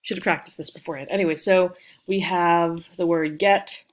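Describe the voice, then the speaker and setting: Chatty low-voiced woman teaching grammar. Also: fairly even intonation, normal speed, background noise. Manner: chatty and informal, with many fillers and asides. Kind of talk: casual online grammar lesson. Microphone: home webcam setup.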